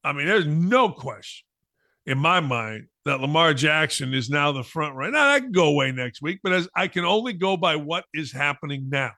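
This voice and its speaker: Man, sports talk host, opinionated monologue, emphatic and repetitive, forceful voice, dry close sound. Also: on the high side, animated, normal speed, no echo. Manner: emphatic and repetitive, mocking asides.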